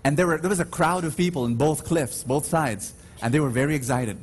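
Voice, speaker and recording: Pitched fairly high and slightly rough, a man's voice fills a large church as he preaches at Mass. He's emphatic, calls out to the congregation for responses, and unfolds his stories slowly with dramatic rises.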